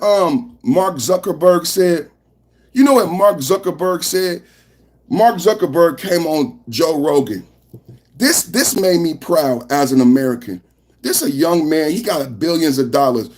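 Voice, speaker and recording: A man hosts a live political reaction stream in a loud, fired-up, preachy way. His speaking voice sits high for a man. He hammers his points over and over. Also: very animated, a little slow. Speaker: podcast host.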